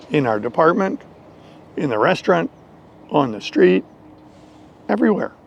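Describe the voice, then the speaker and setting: An American man telling a story slowly and deliberately in an English lesson for learners. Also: a little high, slight background noise. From United States. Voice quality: gravelly. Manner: slow, deliberate, animated storytelling. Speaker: English teacher.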